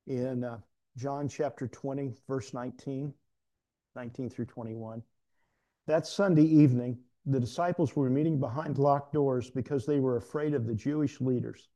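A man's voice: mid-range voice, steady tone, moderate pace, mellow. A middle-aged male pastor preaching in a conversational, self-deprecating storytelling way, often restarting his sentences. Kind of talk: sermon.

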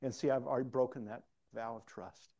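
A middle-aged man preaches a sermon full of personal stories, moving from hushed asides to loud exclamations. His mid-range voice stays steady and fairly quick.

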